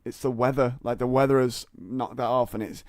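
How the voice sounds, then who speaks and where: Man in his twenties, comedy podcast guest, storytelling with lots of false starts, smooth close voice, dry room. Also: mid-range voice, fairly even intonation, fairly quick, a little mellow, dry recording. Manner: rambling, stammering restarts, laughs often. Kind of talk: casual storytelling chat.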